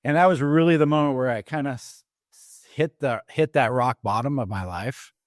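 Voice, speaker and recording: A middle-aged man, an Army veteran, telling his own story as a podcast guest, in a halting way with many fillers and restarts. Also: mid-range voice, no echo, clean studio sound. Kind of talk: personal story told in an interview. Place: podcast studio.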